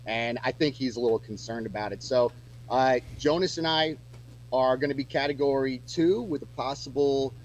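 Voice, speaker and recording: A man's voice: medium pitch, moderate pace, slight background noise, poor audio. A man chatting casually as a musician guest on a radio show, rambling with lots of fillers and restarts.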